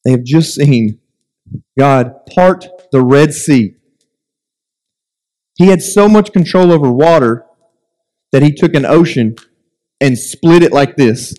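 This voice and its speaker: Animated male preacher in echoing hall. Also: a little high, takes it slowly, long pauses. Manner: animated, joking asides, mock voices of complainers. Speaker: pastor. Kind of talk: sermon. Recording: long hall reverb.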